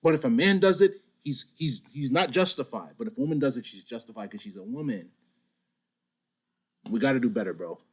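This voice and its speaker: A man's voice: medium pitch, lively intonation, a little fast, husky. A man hosting a casual podcast chat, arguing his point with pointed questions. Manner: questioning, argumentative.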